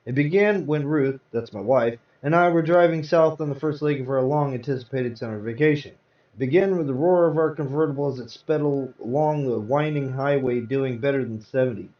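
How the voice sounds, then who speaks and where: A man with a mid-range voice speaks fairly quickly as he hosts a live show in a virtual world, dramatically reading comic book stories aloud. The audio is roomy, distant and dull.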